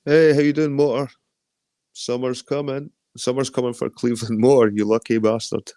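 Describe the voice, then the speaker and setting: A man's voice: medium pitch, little pitch movement, moderate pace, mellow, dry recording. A Scottish man of around forty hosting a casual livestream, rambling, swearing freely and greeting viewers as he reads their comments. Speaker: livestream host.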